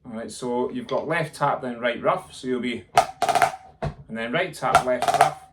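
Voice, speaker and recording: Over loud music, a man with a mid-range voice teaches snare drumming at a measured pace, counting out loud and voicing the rhythms. He is a drum tutor in an instructional lesson, and a snare drum plays amid loud background noise.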